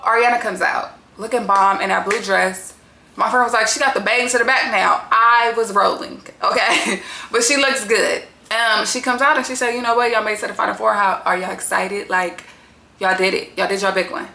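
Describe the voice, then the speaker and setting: A woman's voice: mid-range voice, creaky, pushed and bright, reverberant. A woman recapping a reality show in a casual, profane and opinionated way.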